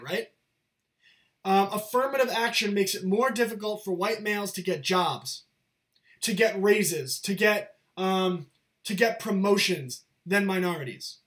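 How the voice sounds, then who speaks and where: Earnest high-voiced man lecturing. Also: a bit bright. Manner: earnest, repeats himself, lecturing. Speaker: channel host. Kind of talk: casual monologue to camera.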